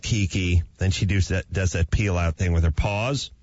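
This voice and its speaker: A man's voice: low-pitched, moderate pace, heavy background noise. A man hosting a talk show, telling a comic story about his dog and acting out voices along the way. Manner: animated, acts out his dog and his own hushed yelling. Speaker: radio show host. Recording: slightly dull, dry studio sound.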